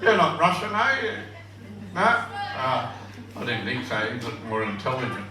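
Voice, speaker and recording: A man's voice: mid-range voice, very animated, normal speed, crowd noise. A man at a pub open mic, singing a blues song and reciting a comic poem with rambling jokey banter. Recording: echoey pub room from a far-off mic, guitar.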